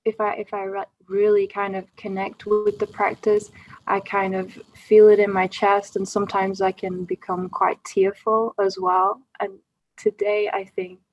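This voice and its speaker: A woman's voice: medium pitch, flat delivery, measured pace. A woman in a group video call sharing a personal reflection, hesitant, often stopping and restarting. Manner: hesitant, with many fillers and restarts. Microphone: computer mic on a video call. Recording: slightly dull video-call audio.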